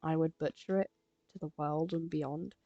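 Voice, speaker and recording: Chatty teen girl, a bit gravelly. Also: deep voice, fairly even intonation, normal speed, dry recording, lo-fi sound. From England. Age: teens. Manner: rambling, chatty, frequent fillers. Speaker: live streamer. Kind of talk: casual chat while drawing.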